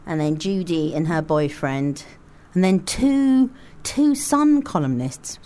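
Een Britse vrouw die in een ontspannen gesprek levendig en grappig anekdotes vertelt, vaak lachend en stemmetjes nadoend. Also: female voice, fairly low pitch, slow pace. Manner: animated, laughs often, acts out voices in her stories. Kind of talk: casual chat, comic storytelling.

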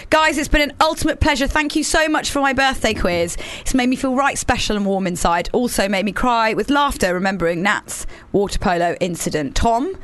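A woman's voice: on the high side, animated, brisk, hardly any pauses. A woman co-hosting a radio show, chatting in a rambling, giggly, self-deprecating way. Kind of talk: casual on-air banter.

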